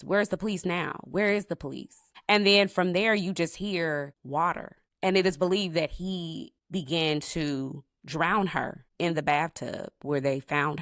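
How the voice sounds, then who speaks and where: A woman's voice: low-pitched, a bit bright, no room sound, studio quality. A woman co-hosting a true crime podcast, telling the case with intensity and indignation. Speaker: podcast co-host.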